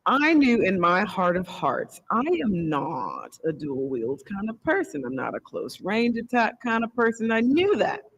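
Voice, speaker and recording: A woman on a convention panel telling a story in a casual, animated way and laughing often. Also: medium pitch, a little slow, few pauses, slightly rough, poor audio.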